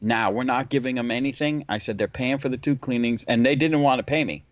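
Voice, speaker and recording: A man's voice: medium pitch, fairly quick. A man hosting a casual podcast chat, telling a long work story and acting out the dialogue. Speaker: window cleaner, podcast host. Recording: dull lo-fi audio.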